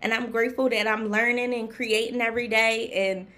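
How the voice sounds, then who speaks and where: Earnest high-voiced woman, halting. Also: fairly even intonation, bright, forceful tone. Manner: halting and earnest, many fillers; emotional and grateful. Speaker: guest, herbal tea maker. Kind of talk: casual interview chat. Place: live-streamed talk show.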